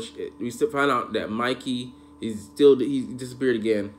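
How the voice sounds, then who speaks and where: A man's voice: mid-range voice, a little fast, slight background noise. Rambling profane man reviewing anime. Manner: rambling, profane, erupts into shouted rants. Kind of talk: casual episode review.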